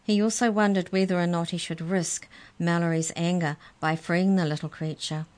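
A woman with a low voice reads a children's story aloud. She tells it in a gentle, even way. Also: moderate pace.

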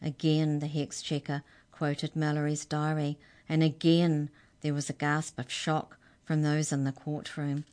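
A woman reading a children's story aloud as a storyteller, with clear, expressive narration. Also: deep voice, unhurried, hardly any pauses.

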